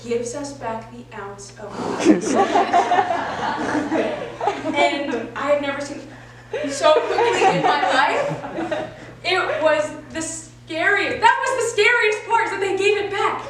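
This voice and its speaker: A woman's voice: high-pitched, measured pace, distant mic, heavy background noise. A woman in her twenties doing a stand-up comedy set, telling stories with lots of swearing and laughing at her own lines. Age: 20s. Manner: profane, animated storytelling with frequent laughs. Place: comedy venue stage. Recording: echoey live room, mic from afar. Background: audience.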